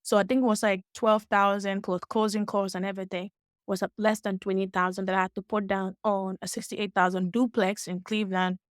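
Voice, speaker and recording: A woman, telling her story as an interview guest, acting out the people she quotes and correcting herself quickly as she goes. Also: medium pitch, dry recording, clean studio sound. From West Africa. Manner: animated retelling with acted-out quotes and quick self-corrections. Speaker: guest, real estate investor.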